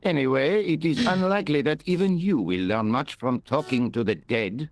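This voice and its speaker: An actor playing a dry, condescending police inspector, speaking English. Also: male voice, fairly high pitch, animated, moderate pace, a little hiss or hum, close to an everyday voice. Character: dry, pompous French police inspector, middle-aged man.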